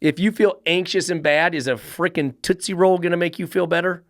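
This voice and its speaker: A man's voice: high-pitched, steady tone, a little fast, dry recording, clean studio sound. A middle-aged man, a dog trainer giving a blunt, profane podcast monologue full of rhetorical questions.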